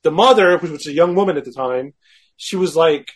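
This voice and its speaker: A man with a high, husky voice tells a story as a guest. He is animated and frank, and he pokes fun at himself as he acts out what he was thinking. The delivery stays conversational and casual. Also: brisk. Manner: animated, acts out his own quoted thoughts.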